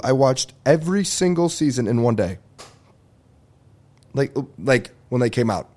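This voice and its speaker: A man's voice: mid-range voice, mellow. A young man hosting his own podcast, rambling in casual solo chat, easily distracted and swearing freely. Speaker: podcast host.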